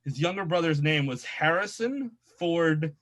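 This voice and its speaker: A man's voice: fairly high pitch, animated, measured pace, a bit bright. A man putting on a nerd voice to read a letter aloud. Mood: nerdy. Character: nasal nerdy young man reading a letter.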